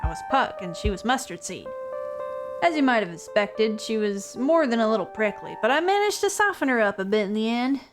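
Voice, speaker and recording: A woman's voice: on the high side, very animated, brisk. Woman doing a gossipy, sly old townswoman. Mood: chatty. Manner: teasing, gossipy and theatrical. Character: chatty elderly townswoman, sly and dry-witted. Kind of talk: reading a visual novel aloud. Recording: game music behind the voice.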